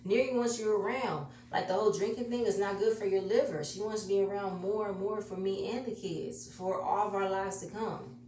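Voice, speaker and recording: A woman's voice: medium pitch, steady tone, brisk, hardly any pauses, dark tone, a little hiss or hum. A woman giving a casual, emotional recap of a reality show episode, talking chatty and repeating herself. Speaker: reality TV reviewer. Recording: echoey room, distant mic.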